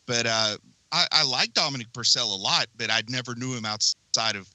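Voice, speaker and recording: Bright-voiced man rambling about movies. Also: mid-range voice, a little fast, dry recording, rough recording. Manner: rambling, enthusiastic, lots of fillers. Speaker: podcast co-host. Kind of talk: casual movie podcast chat. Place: home basement.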